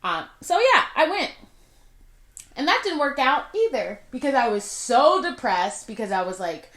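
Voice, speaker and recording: Young woman, twenties, casual chatty storytelling, lots of fillers, slightly high voice, roomy echo. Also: very animated, fairly bright tone. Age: 20s. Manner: chatty, many fillers, drawn-out asides. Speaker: vlogger. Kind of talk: casual storytelling while doing makeup. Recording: echoey room.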